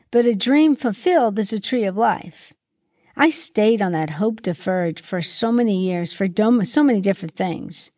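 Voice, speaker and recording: A middle-aged woman, a podcast host and Christian mentor, gives a reflective solo monologue on her Christian podcast, posing gentle, earnest questions. She is grieving and sometimes gets choked up. Her medium-pitched voice is recorded at studio quality with no room sound.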